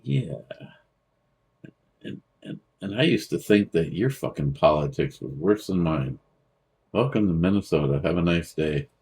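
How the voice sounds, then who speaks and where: Deep-voiced man, unhurried, halting co-host reading chat aloud, blunt and profane. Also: lively intonation, a little mellow. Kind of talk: casual livestream chat. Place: a friend's home.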